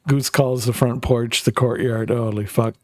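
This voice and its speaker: A man's voice: medium pitch, steady tone, a little slow, no echo. Male Canadian streamer, loose profane banter over gameplay, close dry sound. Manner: rambling, profane, jokey. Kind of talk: casual chat while gaming.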